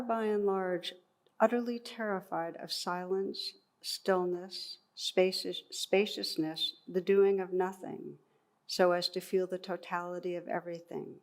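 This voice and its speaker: A meditation teacher speaks with a fairly low, even voice as she gives a dharma talk. Her delivery is reflective and unhurried, with touches of gentle humor.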